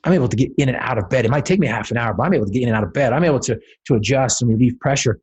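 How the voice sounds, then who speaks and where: A man's voice: medium pitch, racing, darkish tone, husky. A man speaking as a podcast guest, telling a personal story with dramatic, building emphasis.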